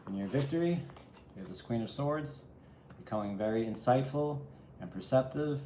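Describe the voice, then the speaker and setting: A tarot reader talks in a mellow, medium-pitched voice at a moderate pace, musing thoughtfully as he addresses the viewer in a solo reading. An echoey room adds faint ambient noise.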